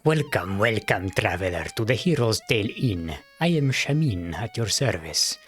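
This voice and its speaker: A man voicing a courteous, boastful male cat-person innkeeper in a game, speaking slowly and formally with repetitive sales patter. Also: fairly low pitch, sing-song, a bit bright, faint music behind. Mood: welcoming. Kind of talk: reading game dialogue aloud.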